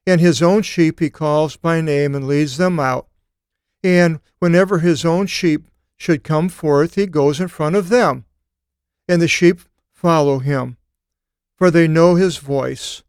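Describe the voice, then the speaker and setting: A man teaching a Bible study seminar, reading scripture aloud and explaining it, with thoughtful pauses and occasional fillers. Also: a little high, a little mellow, smooth, no room sound, studio quality.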